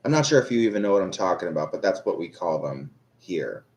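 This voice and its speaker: A fast-talking young adult man with a deep, darkish voice swings widely in pitch as he chats casually with viewers. As a tarot reader on a live stream, he rambles and belittles himself, full of fillers and restarts.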